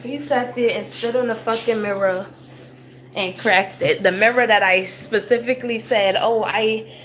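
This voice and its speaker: A woman reading tarot on a live stream, with a voice pitched a touch high. She speaks bluntly and swears freely in a loose, chatty way. The home recording carries a clear layer of noise. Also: fairly even intonation, moderate pace, a bit bright. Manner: blunt, swears freely, talks about energy. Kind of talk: casual live-stream chat. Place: at home with her young son nearby.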